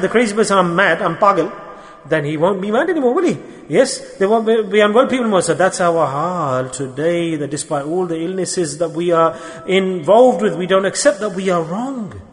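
A man's voice: high-pitched, moderate pace. A man giving a sermon at a religious gathering, putting repeated rhetorical questions to his listeners. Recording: long hall reverb.

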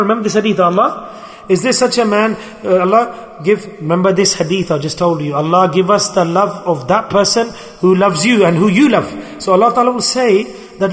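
A man's voice: high-pitched, brisk. A man preaching a sermon in an emphatic, repetitive way. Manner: emphatic, repetitive, acts out pleading voices. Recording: hall reverb.

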